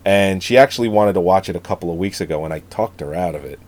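A man's voice: deep voice, fast talker. A man co-hosting a casual movie review chat, joking, swearing and telling stories. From Italian-American family background. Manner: profane, joking, animated storytelling. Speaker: podcast co-host.

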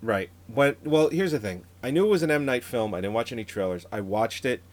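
A man in his thirties with a mid-range voice talks over movies with his co-host. He is relaxed and rambling and laughs often. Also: mid-range voice, a little fast. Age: 30s. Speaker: podcast co-host. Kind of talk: casual movie review chat.

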